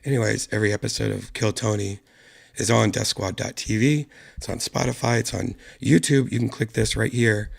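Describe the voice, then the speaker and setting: A man hosting his own online show, hoarse from a lost voice and talking quietly and softly to spare it. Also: lowish voice, fairly even intonation, normal speed. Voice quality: gravelly. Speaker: podcast host. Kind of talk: casual solo stream chat.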